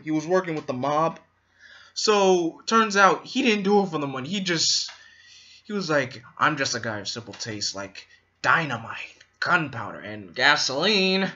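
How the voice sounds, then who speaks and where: Excited man reviewing a movie, bright voice. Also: on the high side, lo-fi sound. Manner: enthusiastic, rambling. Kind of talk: casual movie review vlog.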